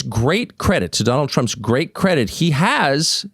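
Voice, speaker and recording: A man's voice: medium pitch, sing-song, measured pace, few pauses, a bit bright, slightly rough, no room sound, studio quality. A man hosting an opinion monologue, sardonic and mocking. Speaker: host.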